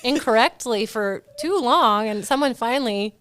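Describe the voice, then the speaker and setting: A woman co-hosting a marketing podcast in easy casual chat, playful and quick to laugh. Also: fairly high pitch, fairly bright tone. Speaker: podcast co-host.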